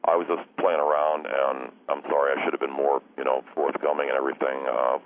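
A man doing a very deep rambling young caller. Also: level tone, brisk. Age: young adult. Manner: rambling, forgetful, apologetic. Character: rambling young man calling from his car. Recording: tinny phone line with faint noise.

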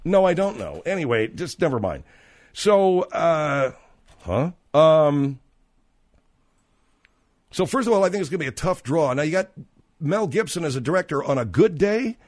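A middle-aged man hosting a radio talk show, brash, cynical and quick to snap at his sidekicks. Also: fairly high pitch, very animated, a little mellow.

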